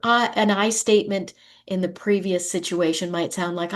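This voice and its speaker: A woman speaking at a conference, teaching relationship skills in a gentle instructional talk and acting out example lines. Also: fairly low pitch, moderate pace. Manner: gentle, animated delivery that acts out example lines.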